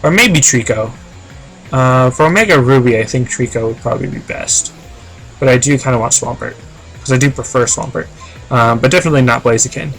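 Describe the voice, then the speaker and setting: Guy streaming a game, rambly and chill, talking to chat, mid voice, soft music in the back. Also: medium pitch, fairly quick, vocal fry. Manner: rambling, filler-heavy, reads chat aloud. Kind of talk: casual live-stream chat.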